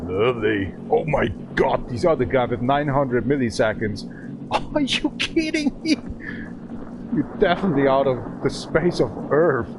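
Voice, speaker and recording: With a medium-pitched, expressive voice, the thirty-something German livestreamer chats and cracks jokes in halting English with a German accent as he drifts. The desk-mic recording is noisy with car sounds.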